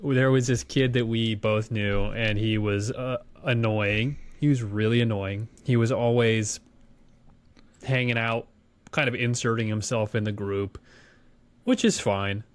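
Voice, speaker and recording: A man's voice: fairly low pitch, unhurried, smooth. A man co-hosting a podcast, telling a story in casual chat and acting out what people said. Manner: animated storyteller acting out quotes. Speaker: podcast co-host.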